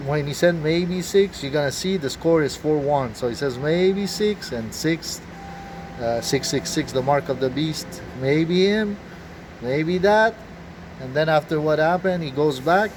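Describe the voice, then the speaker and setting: This man's voice is fairly high and unhurried. Agitated and cursing, he's a video blogger working through a rambling conspiracy monologue full of restarts and filler words, with faint background noise.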